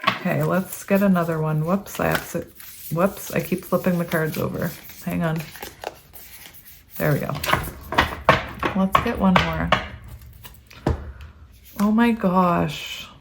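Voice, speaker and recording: Female tarot reader, casual and chatty, slightly lower-pitched voice, emotional and searching, lots of filler. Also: steady tone, a little slow, creaky, long pauses, heavy background noise. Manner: chatty and emotional, reading aloud with many ums.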